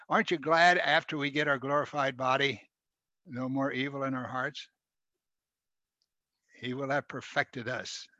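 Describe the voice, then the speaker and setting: A man preaches, his fairly high, bright voice surging loud on scripture and falling quiet for asides. The sound is dull and lo-fi, dry with no room echo. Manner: rises to loud emphatic scripture reading, drops to quiet asides. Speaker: pastor. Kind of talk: sermon, reading and expounding scripture.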